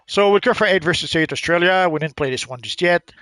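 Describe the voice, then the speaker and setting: Relaxed man commentating a game. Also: sits high, fast talker, dry recording. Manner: relaxed, chatty, explains as he plays. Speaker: gaming channel host. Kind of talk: casual gameplay commentary.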